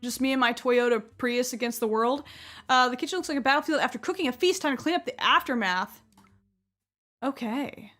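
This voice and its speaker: A young woman streamer with a high voice, chatting to her viewers as she plays and breaking into excited outbursts. Faint music plays quietly underneath her talk. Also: brisk. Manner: chatty, excitable, swears casually, gets loud when surprised. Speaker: gaming streamer. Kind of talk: casual live-stream commentary.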